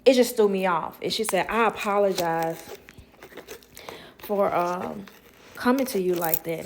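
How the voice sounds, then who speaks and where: A woman telling a casual storytime, animated, quoting people in lively voices and laughing often. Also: mid-range voice, measured pace, long pauses, a little hiss or hum. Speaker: storyteller vlogger.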